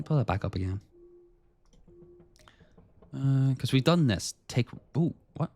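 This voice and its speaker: A man's voice: takes it slowly, gravelly, long pauses, faint music behind. A man streaming a game live, chatting casually with his viewers and reading the game's text aloud. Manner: chatty, greets chat by name, lively pitch.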